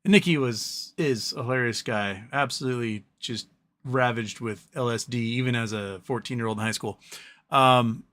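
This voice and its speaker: A man's voice: mid-range voice, moderate pace, a bit bright. A man hosting a live stream, chatting casually about stocks and reading viewer questions, with a rambling delivery full of ums and self-corrections.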